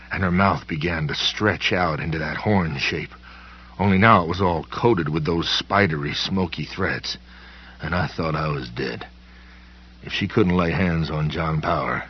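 A man with an extremely deep, husky voice tells a horror story in the first person, unhurried and folksy, with plain country grammar. The recording is muffled and a bit lo-fi. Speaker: audiobook narrator.

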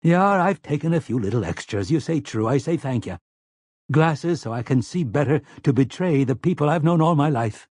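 Man putting on a gruff rustic traitor, desperate, husky, dry sound. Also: a little high, animated, normal speed, darkish tone, no echo, pitched above the performer's own voice. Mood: bitter. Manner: rough, pleading, rustic speech. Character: gruff, desperate middle-aged male traitor. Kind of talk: audiobook character voice.

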